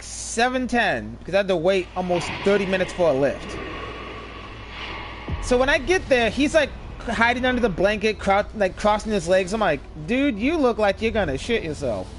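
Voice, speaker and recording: A man streaming a video game, telling stories casually in an animated, profane way. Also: high voice, a little hiss or hum. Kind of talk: casual chat while gaming.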